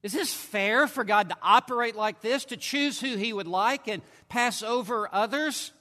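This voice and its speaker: A man preaching a sermon at a conference, emphatic, swinging between forceful declarations and hushed asides. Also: high voice, normal speed. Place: large conference hall. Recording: long hall reverb.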